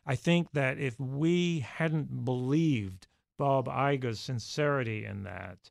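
A man with a gravelly voice talks through his answers in a halting, reflective way. His many fillers and restarts make it sound unscripted. The sound is dry and close. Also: mid-range voice, no echo. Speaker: podcast guest, former studio executive. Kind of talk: conversational interview answers.

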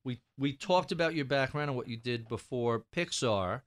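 A man hosting a podcast, asking measured, attentive interview questions. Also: mid-range voice. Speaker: podcast host.

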